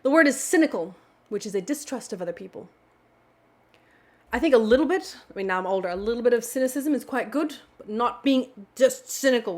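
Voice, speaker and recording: Playful, high-voiced woman explaining words. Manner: playful and animated, with little exclamations and noises. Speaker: vocabulary channel host. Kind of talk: casual vocabulary explanation.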